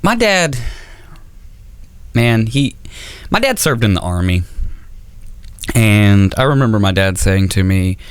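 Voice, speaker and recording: A man's voice: on the low side, very animated, a little slow, pauses often, clear, resonant tone, no echo. A man doing a stand-up set on stage, rambling and self-mocking with stammering restarts. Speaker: stand-up comedian. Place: comedy auditorium stage.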